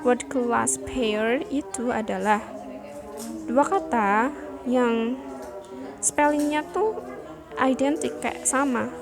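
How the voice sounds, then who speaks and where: A young woman with an Indonesian accent, a student giving a class presentation in a chatty, relaxed way, often explaining things again in her own words. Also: fairly high pitch, takes it slowly, pauses often, low-quality recording. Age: young adult. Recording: music playing behind.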